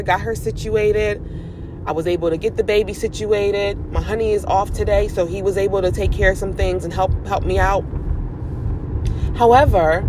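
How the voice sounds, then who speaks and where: A young woman and mom vlogger, driving while she gives an animated, chatty motivational talk. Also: medium pitch, noisy background. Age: young adult. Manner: animated, chatty, preachy encouragement. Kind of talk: casual motivational talk to camera. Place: in a car, driving.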